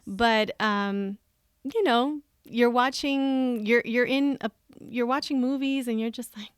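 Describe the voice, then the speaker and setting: A woman with a fairly high, smooth and resonant voice tells her stories as a podcast guest. She is animated, laughs often and acts out her own quoted thoughts. The recording is close and dry. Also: slow, no echo. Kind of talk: candid conversational storytelling.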